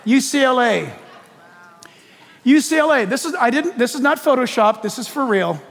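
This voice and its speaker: A man preaching a sermon in an animated, joking way, putting questions to his audience. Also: very high-pitched, moderate pace, creaky, big-room sound.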